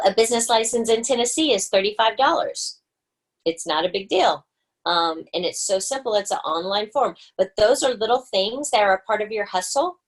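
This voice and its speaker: A woman hosting a book study group on a video call, chatty and encouraging, with lots of fillers. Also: medium pitch. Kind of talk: casual group video chat.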